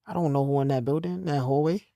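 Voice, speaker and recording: A young man telling stories in casual conversation, swinging between low, quiet stretches and loud bursts. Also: quick pace, gravelly, dry recording, clean studio sound. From New York. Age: young adult. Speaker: podcast guest telling his story.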